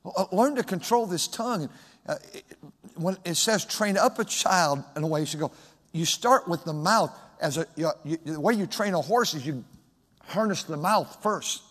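High-voiced preacher with booming swings. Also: male voice, expressive, moderate pace. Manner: swings from loud shouted emphasis to soft, hushed asides. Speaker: pastor. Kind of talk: sermon. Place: church sanctuary. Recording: long hall reverb.

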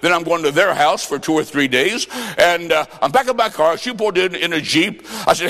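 A man preaching a revival sermon, telling a story with acted-out quotes and rising to shouts. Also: a little high, fairly quick, hardly any pauses, long reverb tail. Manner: fervent, shouting at peaks, acts out quotes.

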